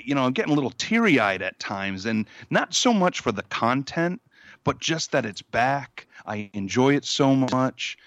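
A man's voice: lowish voice, fairly bright tone, dry recording. A man co-hosting a podcast, chatting casually and rambling with fillers. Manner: rambling, laughs easily. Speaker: podcast co-host. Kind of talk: casual chat.

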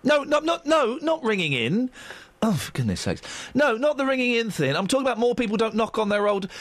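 Animated, teasing male radio host. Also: very high voice, a little fast, dry recording. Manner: teasing, sarcastic, playful. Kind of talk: comic phone-in banter. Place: radio studio.

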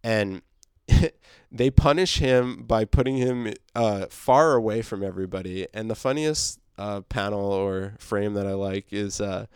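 Man, comic recap host, low smooth voice, loose chatty delivery. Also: unhurried, no echo, studio quality. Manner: rambling, many fillers, laughs, swears. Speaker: comic book reviewer. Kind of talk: casual recap.

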